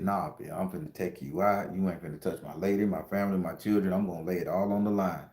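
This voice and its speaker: Give me a deep, mellow-voiced man talking casually to his viewers in a roomy echo. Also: steady tone, fast talker, hardly any pauses. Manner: emotional, slangy, talks to viewers directly. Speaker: spiritual channel host and tarot reader. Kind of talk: casual livestream storytelling.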